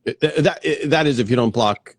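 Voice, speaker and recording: A man's voice: medium pitch, slightly rough, dry recording. An easygoing male host chats with his guest over a video call. His voice sits in the middle range and sounds close and dry, with no room around it. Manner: easygoing, quick asides and laughs. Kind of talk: casual interview.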